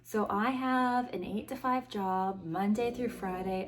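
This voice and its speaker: A woman's voice: fairly high pitch, steady tone, a little slow, hardly any pauses. A young woman hosting her own podcast, rambling in a casual chatty way with dry, self-mocking sarcasm, recorded on a phone. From United States. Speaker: podcast host. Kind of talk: casual solo chat. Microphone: iPhone.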